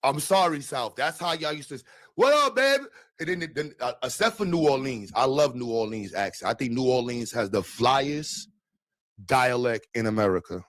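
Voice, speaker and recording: A man's voice: medium pitch, normal speed, no room sound. A man from New York with a New York accent, hosting a casual live stream with crude, rambling jokes. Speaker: streamer host.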